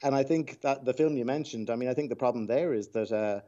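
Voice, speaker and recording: A man who is a voice coach talks through a point in a measured, explanatory way. His voice sits at an ordinary middle pitch. He is heard over a dull, muffled phone line. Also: warm tone. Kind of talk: phone-in interview.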